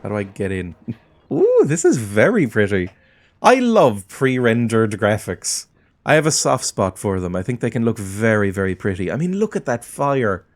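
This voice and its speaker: A man's voice: lowish voice, big pitch swings, normal speed. A man casually commentating a game he plays, chatty and often giggling. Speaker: gaming video host. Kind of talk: casual let's-play commentary.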